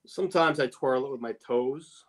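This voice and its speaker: A man's voice: mid-range voice, normal speed. A man who co-hosts a casual cigar podcast, a former tobacconist who gives short, laid-back answers.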